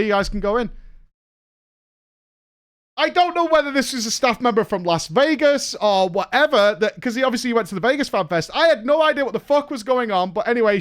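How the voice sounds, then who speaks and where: Man, streamer, animated storytelling, high lively voice. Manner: animated, swearing, acts out quotes.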